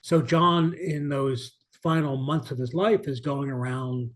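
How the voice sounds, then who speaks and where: Man, interview guest, author, reflective storytelling, earnest, frequent restarts, mid pitch. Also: a little slow. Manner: earnest, many restarts, varied emphasis.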